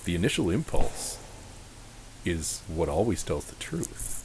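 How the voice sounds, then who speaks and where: Male podcast host, very deep voice, earnest and reflective, faint hiss. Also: very animated, measured pace, creaky.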